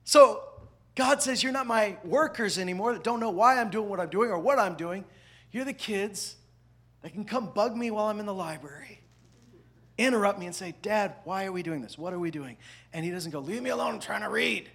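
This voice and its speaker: Man, pastor, sermon, husky, high-pitched, animated, loud then soft. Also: brisk. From parents from the American South. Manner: animated, swings between loud emphasis and quiet asides.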